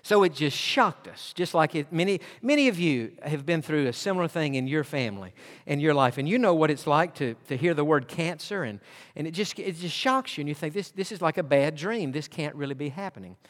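Earnest pastor in a reverberant hall. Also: male voice, a little high, fairly quick. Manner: earnest, animated storytelling with quoted dialogue. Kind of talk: sermon storytelling.

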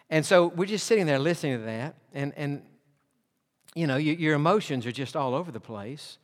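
Male pastor, sermon storyteller, earnest and animated, voices the dialogue, slightly high pitch, echoing sanctuary. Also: brisk. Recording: long hall reverb.

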